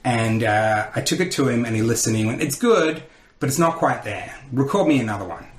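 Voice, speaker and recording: An Australian comedian and radio host, guesting on a podcast, tells lively stories in a casual interview and acts out the voices of people he quotes. His voice is medium-pitched and fast, with a reverberant sound.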